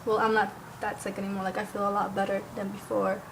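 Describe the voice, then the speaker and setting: A woman's voice: medium pitch, level tone, fast, gravelly, noisy background. A young woman telling a story to camera in a casual, rambling way, filling her talk with "like" and the odd curse word. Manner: rambling, heavy use of "like", occasional cursing. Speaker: vlogger.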